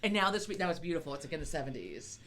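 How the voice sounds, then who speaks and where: An American woman with a deep voice talks rapid-fire as a podcast co-host. She's chatty and swears freely, telling stories with animated energy in casual, profane conversation.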